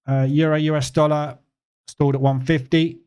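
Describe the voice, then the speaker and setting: A man hosting a live trading session, explaining in a relaxed, conversational way with fillers and emphatic repeats. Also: a little high, normal speed, clear, resonant tone. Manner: relaxed, conversational, answers chat questions; emphatic repetition with frequent fillers. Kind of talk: live-stream market commentary.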